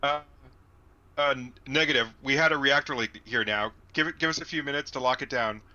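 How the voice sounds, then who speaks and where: A man's voice: mid-range voice, brisk, sharp tone, dull audio. A man reading the part of a cocky young smuggler in a casual script read-through, stammering with many fillers. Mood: flustered bluffing.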